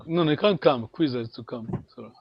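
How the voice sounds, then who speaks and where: A man's voice: medium pitch, fast, creaky, slightly rough, dry recording, lo-fi sound. A man teaching a language lesson online, encouraging his students, repeating words and laughing often.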